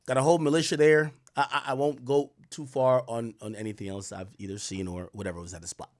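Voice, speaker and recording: A young man hosting a show, telling a story to viewers in a casual, profane and slangy way, with loud exclaims and quiet asides. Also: medium pitch, fairly even intonation, quick pace, dry recording, studio quality. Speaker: show host.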